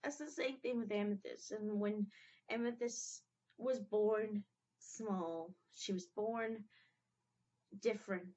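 A young woman gives casual reaction commentary, her speech halting and emotional and full of false starts. She talks at an unhurried, slow pace over a dull, lo-fi recording. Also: mid-range voice, a little mellow. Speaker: reaction video host.

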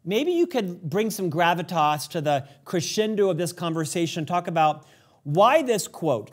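A male interview host with a notably high voice speaks in a measured way. He reads quotes slowly and carefully before he poses his questions. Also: lively intonation.

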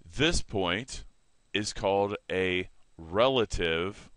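A man teaching a math lesson in a relaxed way, correcting himself and explaining as he sketches on a board. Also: low-pitched, very slow, no echo.

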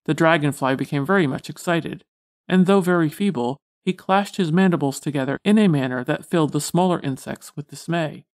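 A woman narrating an audiobook of a classic science storybook in a measured, formal reading style. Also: low voice. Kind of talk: scripted narration.

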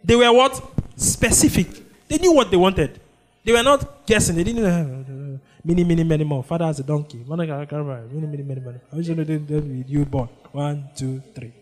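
At a normal pace and a fairly high pitch, a Nigerian-accented man delivers a sermon as pastor. He keeps prompting his congregation with "what?", inviting them to complete his sentences in call-and-response fashion.

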